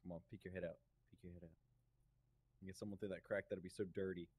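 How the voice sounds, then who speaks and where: A man's voice: low voice, little pitch movement, fast talker, a little mellow, dry recording. A young man playing a game with a friend, teasing and laughing a lot. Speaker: streamer's co-player. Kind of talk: casual gaming chat.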